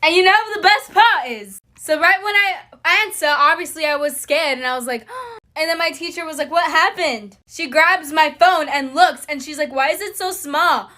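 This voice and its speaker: A woman's voice: sits high, normal speed, pushed and bright. A woman chatting through a story time, giggling often as she tells it.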